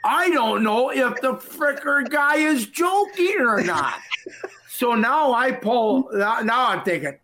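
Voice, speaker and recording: An older man from Minnesota, a retired wrestler and interview guest, telling jokey rambling stories and doing shouted impressions of people. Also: very high voice, expressive, slow pace, slight background noise. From Minnesota, USA. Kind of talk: storytelling in casual chat.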